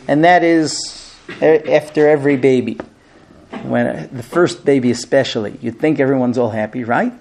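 A man teaching grooms about marriage in a lively, humorous lecture, acting out bits of dialogue and using many fillers. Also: mid-range voice. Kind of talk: lively lecture to a small class. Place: room with a live audience.

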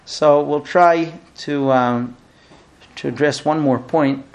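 This middle-aged rabbi speaks slowly, his pitch fairly high, during a recurring class full of humor. Funny stories come alive as he dramatizes each quoted line in an energetic classroom talk.

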